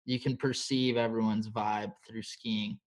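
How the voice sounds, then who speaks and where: A man hosting an interview podcast and asking questions in a relaxed, casual way, with plenty of "like" and "totally". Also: lowish voice, a little slow. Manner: laid-back, filler-heavy talk with lots of "like" and "totally". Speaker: podcast host.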